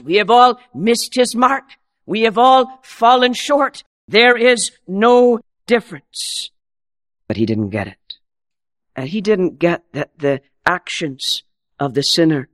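A man preaching a sermon in an earnest, dramatic way, dropping to soft low asides and rising for quoted voices.

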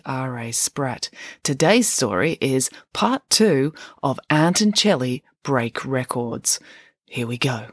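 A woman reading a children's bedtime story with playful, deadpan humour. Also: extremely low pitch, slow, faint music behind.

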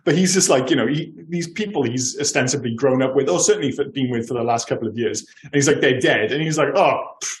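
A man's voice: medium pitch, quick pace, hardly any pauses, darkish tone, slight background noise. A man co-hosting a casual film podcast, talking eagerly and acting out lines from films. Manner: enthusiastic, acts out lines from films. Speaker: podcast co-host.

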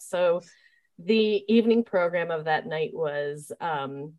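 A woman with a slightly low voice tells her story in an easygoing interview. She is chatty and often starts over with fillers like "um" and "like." She speaks as a camp staff leader looking back on her work. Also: takes it slowly, a little mellow. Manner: chatty, with many fillers and restarts.

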